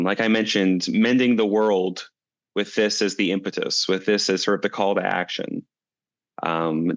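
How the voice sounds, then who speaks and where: Low-voiced reflective man, dry close sound. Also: a bit bright, no room sound. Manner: thoughtful, reflective, storytelling. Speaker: guest, climate coalition director. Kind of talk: conversational interview answers.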